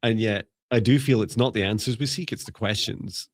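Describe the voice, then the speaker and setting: A man's voice: fairly low pitch, normal speed, no room sound, studio quality. A man co-hosting a live spiritual reading stream, chatting casually in a rambling, musing way and laughing often. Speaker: psychic mentor and live show co-host.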